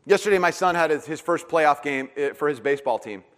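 A man's voice: fairly high pitch, a little fast. A middle-aged man preaching a sermon, a pastor telling self-deprecating stories and acting out the voices in them. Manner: storytelling, self-deprecating, animated retelling with acted-out voices. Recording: long hall reverb.

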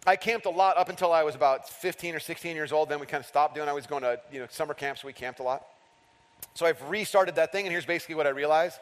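A man in his thirties preaching a sermon, telling humorous, self-deprecating personal stories. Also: on the high side. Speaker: pastor. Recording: long reverb of a large hall.

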